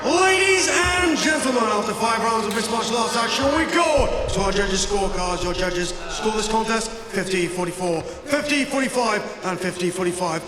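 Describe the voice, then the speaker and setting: Man, ring announcer, booming, lively high voice, echoey arena, heard from afar. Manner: booming, drawn-out. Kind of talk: announcing fight results. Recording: echoey arena from far off with music.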